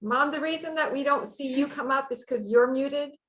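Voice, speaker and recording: A woman's voice: sits high, moderate pace. A middle-aged woman chatting plainly with family on a video call, laughing as she remembers. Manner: explains plainly, laughs warmly. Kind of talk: casual chat.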